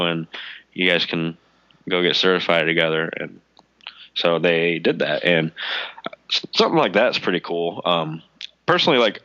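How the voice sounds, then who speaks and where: A man's voice: deep voice, pushed and bright, dry recording, lo-fi sound. A man co-hosting a podcast in casual chat, swearing freely and filling his talk with "like". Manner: loose, swearing, lots of "like" fillers. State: recovering from a cold, coughing. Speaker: podcast co-host.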